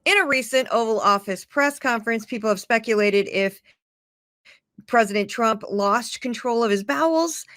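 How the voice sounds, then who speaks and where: A woman's voice: a little high, normal speed, fairly bright tone, no room sound. Woman narrating in a dry, matter-of-fact voice. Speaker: clip narrator. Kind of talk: scripted voice-over.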